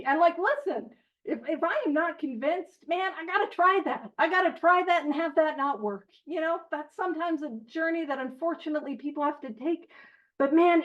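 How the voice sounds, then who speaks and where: A woman's voice: sits high, highs cut off. A woman hosting a recovery book study in casual, earnest talk, chatty and self-deprecating, prone to tangents. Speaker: host leading a recovery literature study. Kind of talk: casual study-group talk with read-aloud passages.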